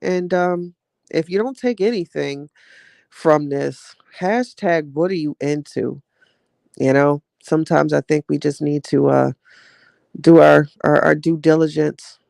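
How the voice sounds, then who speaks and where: In a low, creaky, darkish voice captured in studio quality with no echo, a woman hosts her podcast and reads the live chat. She chats in a drawling, heartfelt, easygoing way, regularly addressing people as "child" and "y'all."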